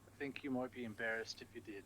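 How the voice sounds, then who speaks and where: A man's voice: medium pitch, fairly even intonation, quick pace, bright, forceful tone, a little hiss or hum. A man playing a tabletop game, teasing and playful in casual chat. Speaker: player.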